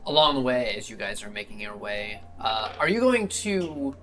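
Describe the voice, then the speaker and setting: A man's voice: medium pitch, animated, moderate pace, fairly bright tone, faint music behind. A man running a tabletop game as game master, casual and playful with his players.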